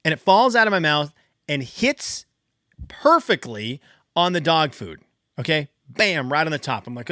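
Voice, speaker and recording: A man in his thirties, a podcast host, telling a casual story in an animated, exasperated way with big jumps up in pitch for emphasis. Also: measured pace, dry recording, studio quality.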